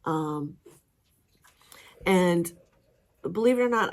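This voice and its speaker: A middle-aged woman chatting casually to camera as a vlogger, rambling with fillers and laughing often. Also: lowish voice.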